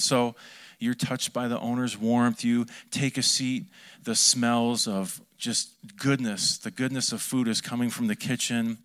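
A male pastor delivers a sermon in a lively, conversational way, cracking jokes and throwing questions out to his congregation. His voice sits at an ordinary middle pitch. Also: a little slow. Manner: lively, joking preaching with asides to the congregation.

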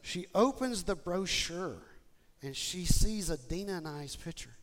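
A man preaching a sermon to his church, moving from quiet, personal talk to shouted, excited appeals. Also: sits high, a little slow. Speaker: pastor. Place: church sanctuary with congregation.

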